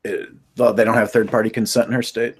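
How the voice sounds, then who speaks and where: Low, easygoing man chatting as a guest. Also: little pitch movement, fast, husky. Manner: easygoing, laughs, hedges with "I mean". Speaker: podcast guest. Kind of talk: casual chat.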